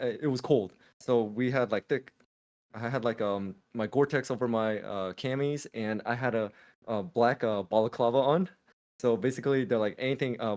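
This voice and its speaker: A man's voice: medium pitch, darkish tone. Rambling man telling a story. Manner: rambling storyteller, many fillers and restarts. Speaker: podcast co-host. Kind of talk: casual chat.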